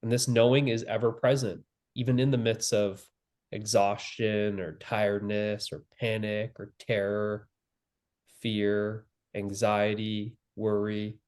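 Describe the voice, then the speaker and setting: A man giving a spiritual teaching, speaking calmly and slowly with long pauses and repeated phrases. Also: lowish voice. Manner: calm, slow and repetitive, with long pauses. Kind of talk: slow guided spiritual teaching.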